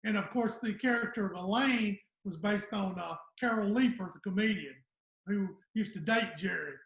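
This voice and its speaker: Gravelly yet fairly bright, his high voice moves at a normal clip. The man, a Southern guest comedian in his 60s, rambles and trails off while telling stories in casual podcast conversation inside an echoey room.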